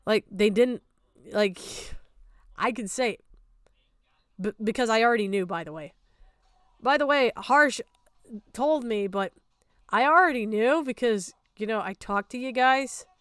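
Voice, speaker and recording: A woman with a high voice rants through a reaction stream, exasperated and sarcastic, swearing freely. The sound is close and dry, with no room around it. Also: a little slow, pauses often, fairly bright tone, clear, resonant tone, no room sound. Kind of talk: ranting reaction commentary.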